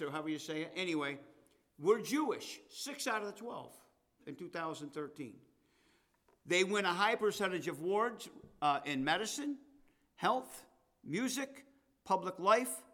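A man preaches a sermon, reading scripture aloud. His voice sits a little high for a man. He hammers his main points and then slips into soft, offhand remarks. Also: lively intonation, normal speed. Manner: emphatic, rising to loud declarations and dropping to asides.

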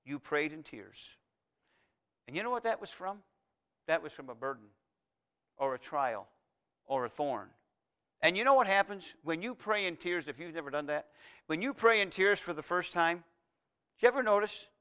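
Male pastor, sermon delivery, slightly high and clear, emphatic repetition with quiet stretches. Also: big pitch swings, normal speed, pauses often. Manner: preaching with rising, emphatic repetition; drops to a soft, intimate tone.

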